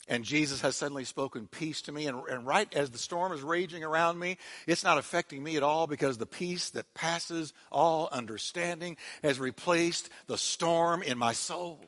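Bright-voiced preaching pastor in a reverberant hall. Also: male voice, a little high, moderate pace, few pauses. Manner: dramatic preaching, dropping to a hush on quiet words; leads the congregation in call-and-response. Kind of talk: sermon.

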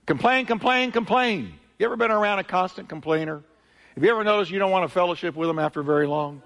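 A male pastor preaching a sermon with emphatic, repetitive delivery, swinging between loud peaks and quieter asides. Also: sits high, fast talker. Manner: emphatic preaching, repeating phrases with rising and falling intensity. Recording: long church hall reverb.

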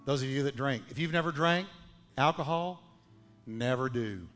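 A pastor preaching a sermon in a church, swinging between loud, ringing calls and hushed, low lines. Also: male voice, animated, moderate pace. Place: church sanctuary. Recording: long hall reverb with faint music.

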